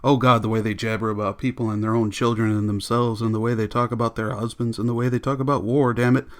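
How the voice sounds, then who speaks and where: Ein aufgebrachter Feuerwehrmann, von einem männlichen Vorleser gesprochen, drängend und empört, in einer Hörbuchlesung mit mittelhoher Männerstimme. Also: male voice, mid-range voice, flat delivery, fast, natural voice. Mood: outraged. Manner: urgent, outraged outbursts. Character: agitated grown man, defiant fireman.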